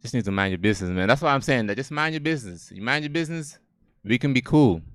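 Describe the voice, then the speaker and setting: A man's voice: medium pitch, animated, quick pace, fairly bright tone, dry recording, studio quality. A man from Gambia with a Gambian accent doing a loose, profane stand-up set on an outdoor stage, laughing at his own jokes. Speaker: stand-up comedian. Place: outdoor stage under string lights.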